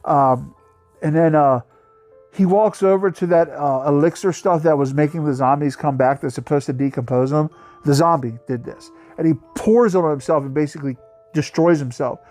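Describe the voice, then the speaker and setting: Profane, animated man ranting about a film. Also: a little high, normal speed, no room sound. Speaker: host reviewing a bad movie. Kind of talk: casual movie review rant. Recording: faint music behind the voice.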